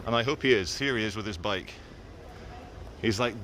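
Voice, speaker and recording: In this walking vlog, a middle-aged man moves through city streets giving wry, sarcastic commentary into a handheld camera. His voice sits on the low side and is a bit bright; he talks fairly quickly but pauses often, and there's a little hiss or hum.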